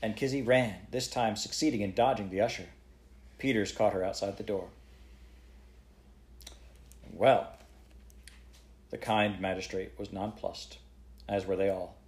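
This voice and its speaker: A man reading a children's book aloud to a child at bedtime in a steady, expressive way. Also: on the low side, normal speed.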